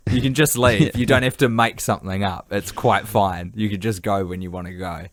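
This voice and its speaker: A man's voice: fairly low pitch, steady tone, brisk, fairly bright tone, dry recording. A man co-hosting a podcast, rambling and joking casually, tired and hungry. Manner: jokey, rambling, swears casually. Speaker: podcast co-host. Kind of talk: casual chat.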